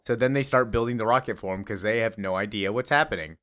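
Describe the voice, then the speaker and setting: A man's voice: lowish voice, quick pace, hardly any pauses, fairly bright tone. A man casually recapping a comic book, chatty and amused, with a loose, filler-heavy way of talking. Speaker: comics video creator.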